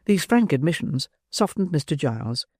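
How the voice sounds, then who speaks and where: A man narrating an audiobook of a classic novel with a measured, expressive reading. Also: a little high, slightly rough, no room sound, clean studio sound. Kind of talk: scripted narration.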